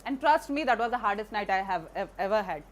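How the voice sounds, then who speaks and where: A woman's voice: mid-range voice, animated, fast talker. A woman, earnestly telling a personal story to an audience, with frequent restarts and fillers.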